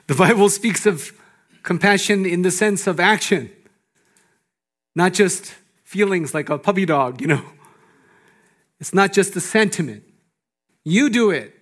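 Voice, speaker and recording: Male pastor, sermon, slightly high voice, animated, shifts from loud emphasis to hushed lines. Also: unhurried, pauses often. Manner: laughs often between phrases.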